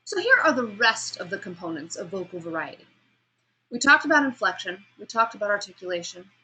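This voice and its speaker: A woman lecturing a class on vocal delivery, asking students questions and demonstrating sounds, pace and pauses herself. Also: medium pitch, sing-song, bright, forceful tone, breathy edge, rough recording. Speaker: speech instructor.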